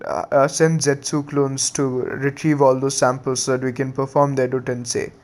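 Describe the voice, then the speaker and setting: A man voicing a stern, commanding older male warlord in a flat, slow way. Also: medium pitch, natural voice.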